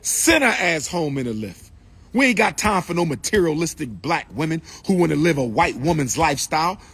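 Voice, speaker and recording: A man's voice: on the high side, big pitch swings, fairly quick, fairly bright tone, breathy edge. A man giving an impassioned, repetitive lecture and calling out to his listeners. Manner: preachy, repetitive, calls out to the audience. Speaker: speaker addressing an audience.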